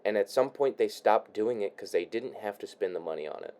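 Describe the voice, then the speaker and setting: A young man talks off the cuff in his room, his voice low and mellow. He trips over his own words, repeats himself and sighs, dropping in casual swears as he goes. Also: expressive, a little fast. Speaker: vlogger. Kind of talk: rambling casual monologue while crafting.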